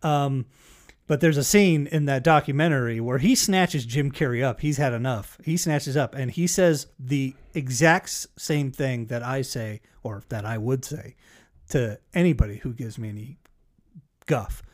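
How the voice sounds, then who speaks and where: A man's voice: medium pitch, unhurried. Profane storytelling man. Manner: profane storyteller, acts out quotes. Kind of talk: casual chat.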